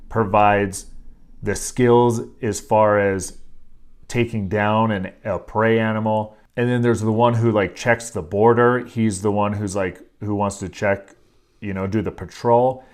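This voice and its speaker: Blunt, profane man with a lowish voice. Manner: blunt and profane, with frequent filler words; emphatic and earnest, stressing key phrases. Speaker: podcast host. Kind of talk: casual motivational talk.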